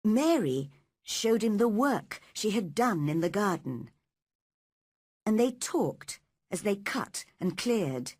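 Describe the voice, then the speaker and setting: A woman reading a story aloud at a slow, careful pace for learners. Her voice rises and falls freely with a slightly husky edge, recorded close and dry. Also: medium pitch, sing-song, darkish tone, dry recording. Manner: slow and clearly paced. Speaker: narrator. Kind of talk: slow scripted narration for learners.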